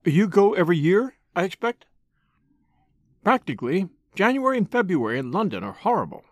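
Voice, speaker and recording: A man's voice: sits high, very animated, fairly quick, no room sound, studio quality. A man reading aloud, voicing a wealthy, spoiled young woman who is restless and distressed and talks in an eager, pleading way. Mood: chatty.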